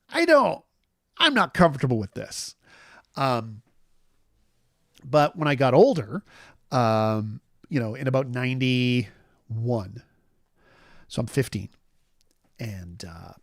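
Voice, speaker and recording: A man's voice: mid-range voice, no room sound, clean studio sound. A man in his forties hosting a casual chat show, rambling through a personal story with lots of fillers and restarts. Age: 40s. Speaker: host.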